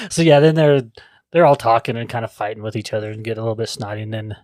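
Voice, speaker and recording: A man co-hosting a casual movie podcast, crude and joking, who keeps acting out scenes in quick little voices. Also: fairly low pitch, darkish tone, no echo, clean studio sound. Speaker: podcast co-host. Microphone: studio microphone.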